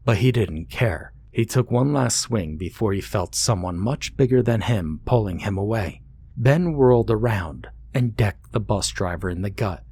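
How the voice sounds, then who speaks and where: Male horror narrator, low and husky, measured pace. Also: a little mellow. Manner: measured, deliberate storytelling. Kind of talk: scripted narration.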